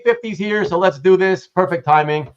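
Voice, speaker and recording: A man's voice: sits high, moderate pace, a little hiss or hum. Chatty livestream host man, muffled sound. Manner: chatty, laughs often, reads chat aloud. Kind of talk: casual live-stream chat. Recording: muffled lo-fi stream audio.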